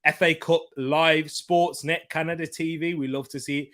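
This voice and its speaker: A young man hosting a live football watchalong, chatting casually with lots of slang and shout-outs as he reads viewer comments. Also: a little high, fairly even intonation, moderate pace. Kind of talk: live-stream chat, reading viewer comments.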